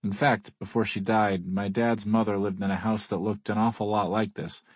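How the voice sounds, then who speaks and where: Man, audiobook narrator, first person, wry, very deep voice, dry sound. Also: level tone, normal speed, breathy edge, no echo.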